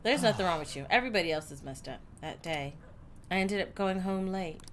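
A woman's voice: lowish voice, expressive, fairly quick, slight background noise. A woman giving casual, outspoken commentary while playing a story game. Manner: chatty, outspoken, reacting loudly to the story. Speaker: gameplay streamer. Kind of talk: casual let's-play commentary.

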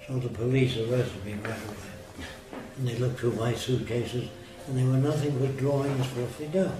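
A man recounts a story in a blunt, plain-spoken way at a middle pitch. He sits some way from the microphone in a reverberant room, and soft music plays underneath. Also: fairly even intonation, normal speed. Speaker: interviewee. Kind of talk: casual storytelling. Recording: roomy, distant mic with music underneath.

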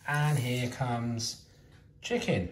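A man teacher asking young children maths quiz questions in a slow, sing-song way. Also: mid-range voice, steady tone. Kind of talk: early years maths quiz video. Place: home kitchen. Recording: roomy echo.

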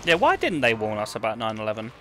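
A young man with a British accent chats with his viewers while he plays, reading their comments aloud and joking back. His voice is bright and forward, even though he's feeling sick. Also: on the low side, quick pace, slight background noise. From United Kingdom. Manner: joking, banter with chat, reads comments aloud. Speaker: streamer. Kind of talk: casual live-stream chat while gaming.

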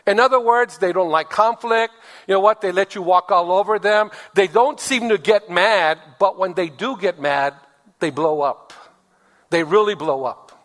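A male pastor delivers a sermon with a high voice, hammering points home and calling for amens. The sound rings with a long reverb from a church sanctuary. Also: normal speed, a bit bright. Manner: emphatic, repeats phrases, calls for amens.

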